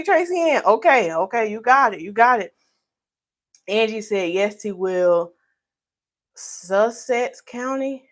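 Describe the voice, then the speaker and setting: A woman's voice: fairly high pitch, a bit bright. Playful woman. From North Carolina, USA. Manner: playful, teasing, reads viewer comments aloud. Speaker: hairstylist host. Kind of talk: live stream chat Q&A.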